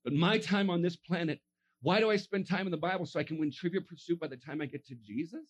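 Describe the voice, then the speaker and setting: A man preaching a sermon, telling a story with lively energy, acting out characters in funny voices and laughing often. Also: a little high, quick pace.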